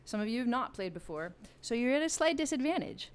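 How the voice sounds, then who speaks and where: A woman's voice: on the high side, sing-song, quick pace, clean tone. A woman hosting a live-stream game from a home music room, chatty and playful as she explains the rules to her viewers on a studio microphone. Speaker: music channel host running a live game. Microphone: studio vocal mic.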